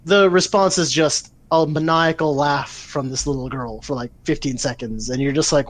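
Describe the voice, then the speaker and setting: A man with a somewhat high voice, chatting on a podcast and telling a story with lots of energy and cursing. He sounds close and dry on the mic, with no room around him. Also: moderate pace, few pauses, no echo. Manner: animated, swearing storyteller. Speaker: podcast co-host. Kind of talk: casual chat, retelling an anime plot.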